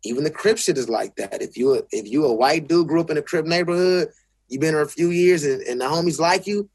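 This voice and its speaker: Husky, profane Los man. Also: a little high, brisk, dry recording. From South Central Los Angeles. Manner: blunt, profane, restarts often. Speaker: guest. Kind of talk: casual interview talk.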